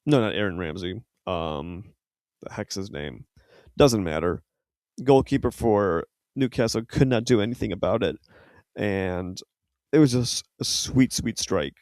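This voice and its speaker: A man's voice: lowish voice, lively intonation, a little slow, darkish tone, no echo. Rambling man chatting about football. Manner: rambling, filler-heavy, self-correcting. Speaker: podcast co-host. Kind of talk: casual football chat.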